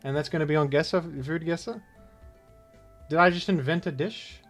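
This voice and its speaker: A man's voice: a little high, moderate pace, soft background music. A man giving casual, rambling gameplay commentary, full of jokes and mock-outraged asides. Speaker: gaming video host.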